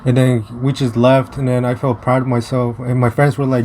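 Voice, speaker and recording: A man's voice: mid-range voice, little pitch movement, a little mellow. A young American man talks through a story in a loose, rambling way, stopping and restarting mid-sentence. His speech is blunt and full of swearing, with a faint hiss of noise behind him. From United States. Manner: rambling, halting with many restarts and fillers; profane, blunt. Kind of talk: casual storytelling vlog.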